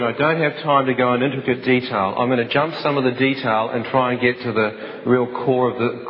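Man telling a dramatic personal story. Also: mid-range voice. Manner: intense, vivid, with some restarts. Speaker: speaker giving a personal testimony. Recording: dull sound, long hall reverb.

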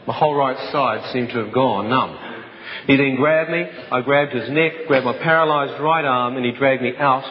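Male testimony speaker, intense and vivid storytelling, mid pitch. Dull sound, hall reverb. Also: moderate pace. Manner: intense, vivid, with some restarts. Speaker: speaker giving a personal testimony. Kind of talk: dramatic personal storytelling.

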